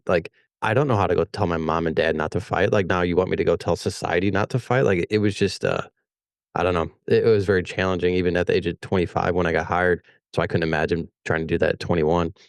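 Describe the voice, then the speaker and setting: A man with a very deep, smooth voice talks quickly in loose podcast chat. He rambles, restarts his sentences and fills them with "like.". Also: fairly even intonation, dry recording, clean studio sound. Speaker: police officer.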